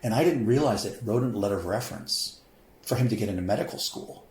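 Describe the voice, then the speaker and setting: A man's voice: on the low side, lively intonation, fast talker, darkish tone. A middle-aged man from St. Louis, a professor and podcast guest, telling a candid personal story with emotion and acting out quoted voices. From St. Louis, USA. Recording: roomy echoey podcast room.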